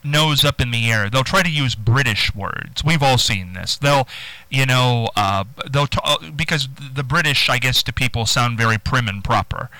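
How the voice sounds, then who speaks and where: A man's voice: medium pitch, moderate pace, sharp tone, no room sound, poor audio. A man hosting a call-in radio show, chatting in a rambling, emphatic way. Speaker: radio host.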